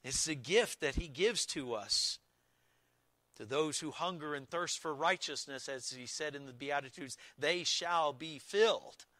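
A man preaching a sermon as pastor, slow and deliberate, stressing key words with emphatic repetition. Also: fairly high pitch, sharp tone, no room sound.

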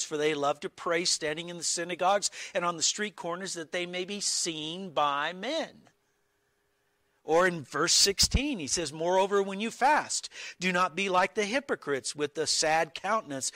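A man's voice: high voice, pushed and bright, no room sound. A man preaching an earnest expository sermon, reading Bible verses and stressing key words with small restarts. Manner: slow, deliberate with small restarts.

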